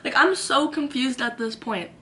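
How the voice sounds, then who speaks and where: Young woman, bright and high, dramatic storytime delivery into a camera mic, faint hiss behind. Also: moderate pace. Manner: chatty and dramatic, acts out quotes. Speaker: vlogger. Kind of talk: storytime vlog. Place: her own room.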